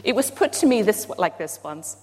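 A woman preaching a sermon, playful and self-deprecating, with animated emphasis. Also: mid-range voice, moderate pace, breathy edge. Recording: long hall reverb.

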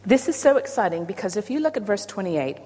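A woman preaching a sermon, playful and self-deprecating, with animated emphasis. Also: medium pitch, fast, slightly rough. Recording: long hall reverb.

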